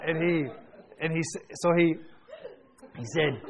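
Male pastor, storytelling sermon, slightly high voice, casual, chatty, restarts often. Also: fairly even intonation, normal speed, vocal fry, pauses often, muffled recording.

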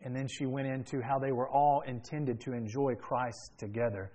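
A man's voice: mid-range voice, steady tone, normal speed, dark tone. A man preaching a sermon, earnestly retelling a story and repeating lines for emphasis.

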